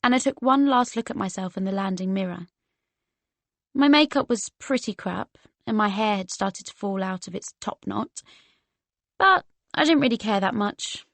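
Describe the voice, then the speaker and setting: A woman's voice: medium pitch, moderate pace, gravelly, no echo. Wry woman reading an audiobook. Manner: wry, conversational, deadpan. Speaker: audiobook narrator. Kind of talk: scripted first-person narration.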